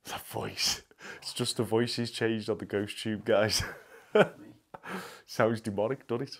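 Low-voiced man explaining to viewers. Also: slow pace, gravelly. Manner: explaining to viewers in a matter-of-fact way. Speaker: paranormal investigator. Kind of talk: ghost-hunt commentary to viewers. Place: inside a house at night.

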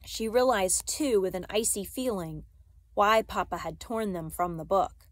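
Lady reading a kids novel out loud, careful, fixes her slips, dry close sound. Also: mid-range voice, a little slow, no echo. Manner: careful, with small slips and self-corrections. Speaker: reader.

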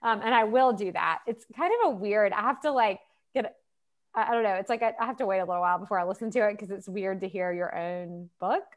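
At a quick pace and medium pitch, the woman author chats casually on a video-call interview, speaking loosely with frequent fillers and laughs.

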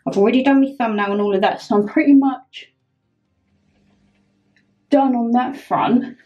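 A woman's voice: a little high, normal speed, lo-fi sound. A young woman chatting through a getting-ready vlog at home, flustered and self-mocking. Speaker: vlogger.

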